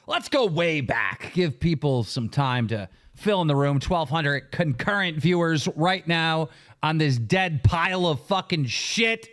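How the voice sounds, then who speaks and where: A man's voice: a little high, fairly bright tone. A man hosting a livestream, ranting angrily and cursing heavily as he tells his side of a story. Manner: profane, heated, emphatic. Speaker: livestream show host. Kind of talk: angry livestream rant.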